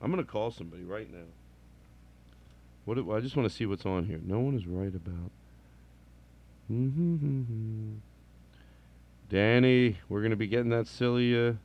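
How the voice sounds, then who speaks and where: A man's voice: fairly low pitch, normal speed, long pauses, highs cut off. A man hosting a comedy podcast in a casual monologue, drifting off on tangents, restarting his sentences and chuckling as he tells stories. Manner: digressive, restarts and sidetracks; chuckles while telling stories.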